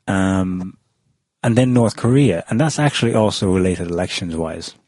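Low husky guy hosting a chatty panel show, lots of ums, dry sound. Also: normal speed, a little mellow, no room sound. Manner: chatty, many ums and restarts. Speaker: podcast host. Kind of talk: casual panel discussion.

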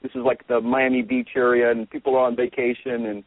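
A man talking casually to his listeners, rambling and halting with many fillers and restarts as he works through his opinions. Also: medium pitch, little pitch movement, no room sound. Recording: tinny phone-like line.

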